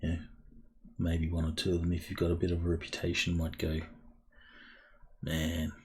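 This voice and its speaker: A man's voice: low voice, completely flat delivery, a little mellow. A man narrating as game master of a tabletop role-playing game, hesitant and full of fillers. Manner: halting, many fillers.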